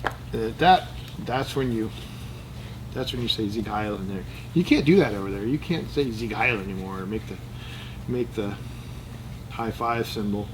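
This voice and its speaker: Against a noisy background, a fairly low-pitched American man speaks at a moderate pace with long pauses. As a channel host he casually chats while disassembling and cleaning a gun, thinking aloud, muttering to himself and joking in rambling tangents.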